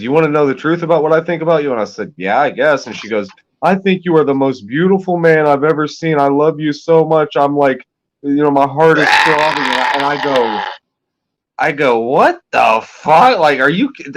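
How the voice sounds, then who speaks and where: A man chatting on a livestream, telling crude stories in a rambling, casual way. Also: fairly high pitch. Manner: rambling, crude, drops into quoted voices. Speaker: livestream co-host.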